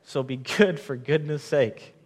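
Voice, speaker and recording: A young male pastor delivers a sermon in an earnest, chatty way. His voice sits a little high for a man, and he often restarts phrases as he speaks straight to his listeners. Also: unhurried, breathy edge. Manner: earnest, conversational preaching with frequent restarts and direct address to friends.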